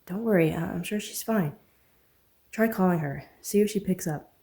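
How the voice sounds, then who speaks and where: A man's voice: high voice, moderate pace, vocal fry, warm tone. A woman reading a supportive male friend in an audiobook, reassuring though shaken.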